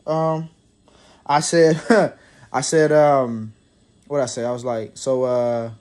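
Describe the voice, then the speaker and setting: A man's voice: fairly high pitch, slow pace, a little mellow. Rambling, profane young man. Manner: profane, rambling, with frequent restarts and laughter. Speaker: vlogger. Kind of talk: casual storytime monologue.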